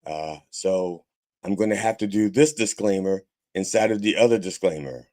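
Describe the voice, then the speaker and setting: In a low, darkish voice at a moderate pace, a man hosts a comedic mock church podcast. His casual, sermon-style talk rambles and includes swearing, delivered with preacher mannerisms.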